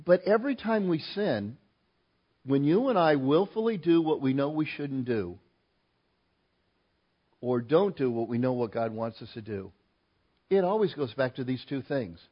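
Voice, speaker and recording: A male pastor preaching a sermon, emphatic and rising loud on key points. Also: medium pitch, expressive, measured pace, pauses often, husky, highs cut off.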